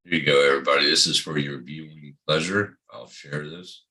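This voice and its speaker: A man with a very deep voice chats on a livestream and laughs easily. His talk is loose and joking, with a relaxed, unhurried feel. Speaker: livestream co-host. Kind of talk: casual chat.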